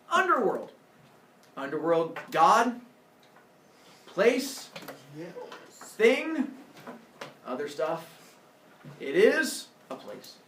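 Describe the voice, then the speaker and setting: A man's voice: fairly high pitch, recorded from a distance, slight background noise. Joking male teacher in an echoey classroom. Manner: joking, playful storytelling. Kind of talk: classroom lecture.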